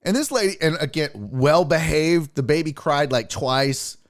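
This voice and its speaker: A man's voice: fairly high pitch, measured pace. A young man hosting a podcast, telling a story casually, swearing and laughing often. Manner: profane, animated, laughs often. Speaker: podcast host.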